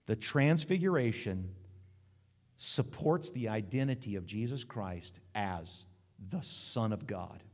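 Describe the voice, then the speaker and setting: A man's voice: lowish voice, takes it slowly. A man preaching a sermon in a church, joking and acting out voices in quotes. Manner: lively, joking preacher who acts out quotes. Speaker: pastor. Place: church sanctuary. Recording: long hall reverb.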